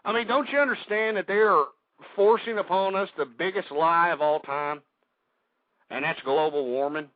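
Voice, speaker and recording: A man rants on talk radio in a high voice, hostile and swearing as he goes. He sounds a little out of breath. The broadcast is dull and lo-fi, with a dry, close sound. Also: moderate pace, no room sound. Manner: hostile, ranting, swears often. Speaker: radio talk show host. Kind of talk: ranting talk radio monologue.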